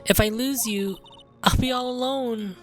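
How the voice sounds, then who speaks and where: A woman voicing a desperate young girl begging her sister, pushing her voice far above her usual low pitch. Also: a little slow, soft background music, natural voice. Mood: pleading.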